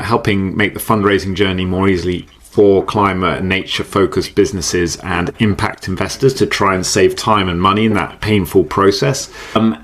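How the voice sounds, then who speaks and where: A low-voiced man talks through ideas as a podcast guest. He is chatty and animated, laughs often and restarts his sentences as he goes. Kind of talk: casual conversational interview.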